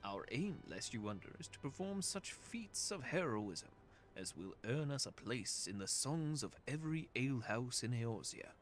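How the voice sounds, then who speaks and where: A man's voice: mid-range voice, sing-song, moderate pace, soft background music, lightly acted. A man voicing an earnest male adventurer leader who speaks in a formal, old-fashioned way, read aloud while playing a game. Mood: lofty.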